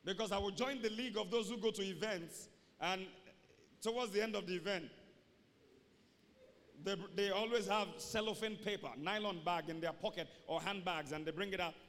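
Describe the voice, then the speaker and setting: A pastor preaching a sermon to his church, repeating key phrases and rising to shouts. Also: high voice, fairly even intonation, moderate pace, big-room sound.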